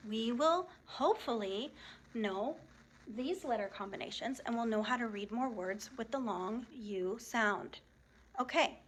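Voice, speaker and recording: A woman teacher giving a phonics lesson to young students, speaking slowly and enunciating each word clearly while praising and prompting the class. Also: fairly high pitch, fairly bright tone. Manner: slow, clearly enunciated, encouraging teacher talk.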